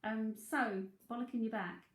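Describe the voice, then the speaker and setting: This psychic medium speaks at a moderate pace in a steady voice on the high side, with a London Cockney accent. During the live reading she chats, thinks aloud, and laughs a lot, all with a roomy echo.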